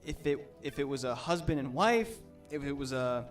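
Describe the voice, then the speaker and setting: Animated young man telling a story. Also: medium pitch, normal speed, recorded from a distance. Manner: animated, rambling. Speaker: streamer co-host. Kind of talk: casual storytelling on stream. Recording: stream with faint game music.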